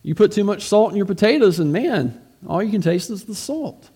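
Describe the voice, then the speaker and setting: A man's voice: sits high, animated, a little fast, warm tone, breathy edge. A man, a pastor, preaching a sermon in a conversational way, asking rhetorical questions and often repeating words as he goes.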